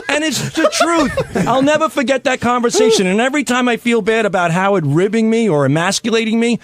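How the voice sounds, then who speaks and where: Quick, high-pitched male voice that swoops up and down, full of energy. He retells conversations by playing each part, on a dry, close studio mic. A talkative staffer holding the floor. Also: dry recording. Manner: animated storyteller who acts out quoted dialogue. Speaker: radio show staffer. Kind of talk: casual studio chat.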